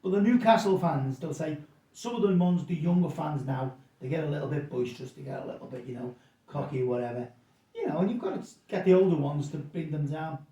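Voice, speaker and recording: A man's voice: on the high side, animated, fairly quick, mellow, muffled recording. A middle-aged man, guest in a casual interview, telling rambling anecdotes and repeating his words. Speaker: pub landlord guest. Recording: roomy sound from a distance.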